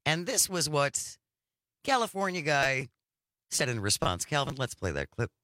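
A man co-hosting a talk radio show, reading news items and listener texts and chiming in with lively agreement. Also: a little high, moderate pace, dry recording, studio quality.

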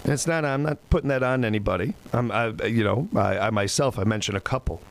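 A man's voice: mid-range voice, fast, vocal fry, poor audio. A man hosting a country music radio show, talking in a folksy, rambling, self-deprecating way. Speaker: radio host. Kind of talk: casual radio show chat.

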